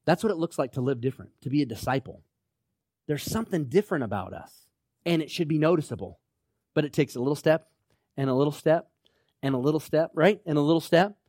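A man's voice: fairly high pitch, expressive, quick pace, darkish tone, no room sound, studio quality. A middle-aged male pastor preaching a sermon in a conversational way, often checking in with rhetorical questions.

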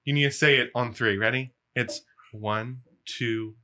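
A man's voice: medium pitch, fairly even intonation, unhurried, sharp tone, no room sound, clean studio sound. A man hosting a casual fitness show, teasing and laughing with his co-hosts. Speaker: show host. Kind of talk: casual chat and outro sign-off.

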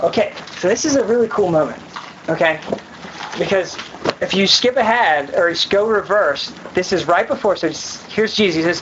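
A woman's voice: lowish voice, normal speed, muffled recording, noisy background. A woman giving a casual youth sermon, chatty and full of fillers, acting out scenes in voices. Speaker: youth speaker.

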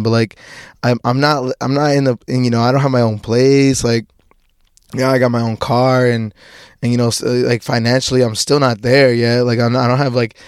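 A young man talks alone in a loose, rambling way, stumbling over restarts and swearing casually as he goes. His pitch sits in an ordinary middle range. The recording is close and dry, with almost no room sound. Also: a little mellow, clean tone, dry recording. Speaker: podcast host. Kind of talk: casual personal monologue.

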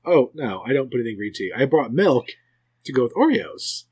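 A man's voice: medium pitch, very animated, a little fast, a little mellow, husky. A middle-aged man hosting a casual snack-tasting podcast, joking and laughing as he talks. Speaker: podcast host. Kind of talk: casual chat.

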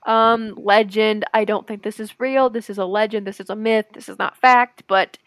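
A young woman with a Midwestern accent, co-hosting a casual podcast chat and telling stories in an animated, giggly way. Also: medium pitch, normal speed, no room sound. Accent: Midwestern American. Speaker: podcast co-host.

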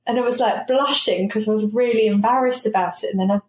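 Animated British woman telling stories. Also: fairly high pitch, fast talker. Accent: British English. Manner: animated, laughing storyteller who quotes herself. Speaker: guest, coach company owner. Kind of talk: casual interview chat. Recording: roomy recording with a faint hiss.

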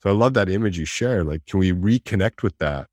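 A man talking in a reflective conversation, animated, acting out inner voices and laughing often. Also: low-pitched, brisk, dry recording, studio quality.

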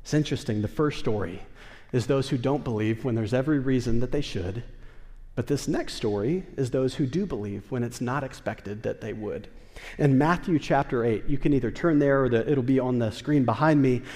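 A man preaching a sermon in a church sanctuary, animated and building to emphatic bursts. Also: medium pitch. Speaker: pastor. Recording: long reverb of a church hall.

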